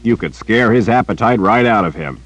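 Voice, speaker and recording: A man reading an audiobook, voicing a big, gruff male warrior who speaks stern yet teasing to a child. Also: on the low side, expressive, normal speed, no room sound, highs cut off, pitched above the performer's own voice.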